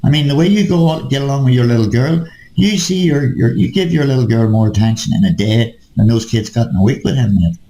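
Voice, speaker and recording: A man's voice: medium pitch, expressive, fairly quick, few pauses, dark tone, roomy sound, a little hiss or hum, poor audio. A man in casual chat, ranting and swearing, repeatedly calling his listener mate. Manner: ranting, profane, keeps addressing the listener as mate.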